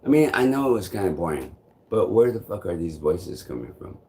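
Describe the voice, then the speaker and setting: A man with a somewhat low voice talks straight to his vlog audience. He rambles through a personal story, loops back on himself with "I'm like," swears casually and chuckles along the way. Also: sing-song, brisk, dark tone. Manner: meandering, repeats "I'm like", swears freely, chuckles often. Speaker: vlogger.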